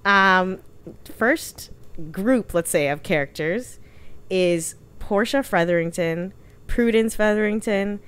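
A woman's voice: mid-range voice, slow pace, a bit bright, smooth. A woman co-hosting a podcast in casual chat, talking freely with lots of fillers and restarts. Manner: chatty, many fillers and restarts. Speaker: podcast co-host.

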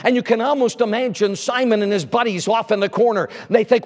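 A male evangelist preaching a sermon, swinging from loud emphasis to hushed lines. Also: sits high, brisk, few pauses. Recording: echoey church hall.

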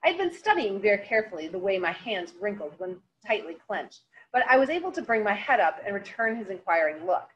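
Woman teacher reading a novel aloud, really lively intonation, faint hiss behind. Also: mid-range voice, a little fast, muffled recording. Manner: expressive read-aloud.

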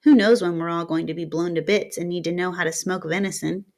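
A woman's voice: fairly low pitch, steady tone, brisk, darkish tone, lightly acted. A woman voicing an earnest, plain-spoken teenage boy who lives alone in the wilderness.

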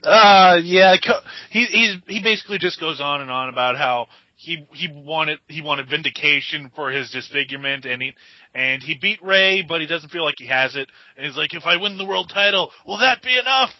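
Higher-voiced man, dry lo-fi mic. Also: moderate pace, no echo. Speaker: podcast co-host. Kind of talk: casual wrestling podcast chat. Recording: dry dull lo-fi audio.

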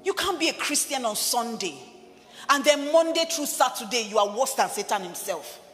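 High-voiced woman preaching in a hall. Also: expressive, moderate pace, a little hiss or hum. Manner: emphatic, rising to shouts and dropping low for quoted voices. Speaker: pastor. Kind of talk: sermon. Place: church hall. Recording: reverberant church hall with music.

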